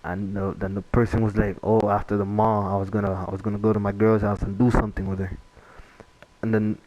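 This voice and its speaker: A man's voice: lowish voice, flat delivery, fairly quick, a little mellow, rough recording. A young man telling a casual story-time tale, rambling with many fillers and restarts. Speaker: vlogger.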